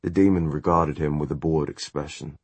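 A man narrating a fantasy audiobook in a measured, even storytelling manner. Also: very deep voice, breathy edge, dry recording. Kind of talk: scripted narration.

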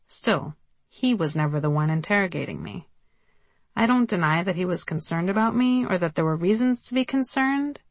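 A woman reads her memoir aloud in a wry, conversational storytelling manner. Her voice sits fairly low. The recording is dry and close, with no room sound. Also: dry recording. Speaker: memoir narrator. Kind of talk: audiobook memoir reading.

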